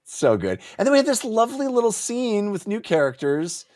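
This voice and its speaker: A man's voice: high voice, wildly swooping pitch, fairly quick, darkish tone, no echo. A man co-hosting a casual book club podcast, laughing often and acting out characters' lines. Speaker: podcast co-host.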